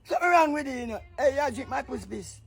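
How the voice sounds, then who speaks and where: A man with a strikingly high voice trades boisterous, jokey patois banter. He keeps saying "yeah, man" and throws in loud outbursts. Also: fast, gravelly, husky.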